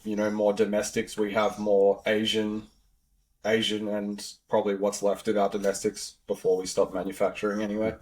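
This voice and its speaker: A man's voice: on the low side, completely flat delivery, normal speed, darkish tone. A man in his thirties with an Australian accent, a podcast guest chatting casually about car repair work, with lots of "like" and "you know" fillers. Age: 30s. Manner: rambling, filler-heavy, easygoing. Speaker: podcast guest, auto technician. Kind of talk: casual chat.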